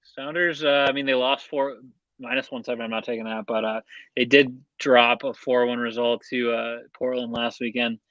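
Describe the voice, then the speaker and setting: A man's voice: mid-range voice, little pitch movement, moderate pace, a bit bright, dry recording. A man co-hosts a betting podcast in a loose, rambling way, with plenty of "um"s and restarts. His voice sits in a middle range. It comes through a slightly muffled mic in a dry, dead room. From Seattle area. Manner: rambling, many fillers and restarts. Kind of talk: casual chat.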